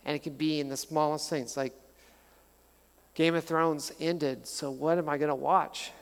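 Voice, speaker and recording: Middle-aged man, pastor preaching a sermon; chatty, storytelling, a bit of humor; slightly high voice, long hall reverb. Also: measured pace, creaky, clear, resonant tone. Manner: conversational, animated storytelling with humor.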